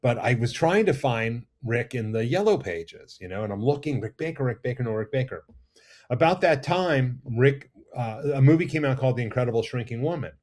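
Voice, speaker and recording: A middle-aged man, a makeup effects artist, telling animated, rambling stories as a guest in a casual interview. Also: medium pitch, a little fast. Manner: animated, rambling anecdotes with restarts. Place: studio or lounge.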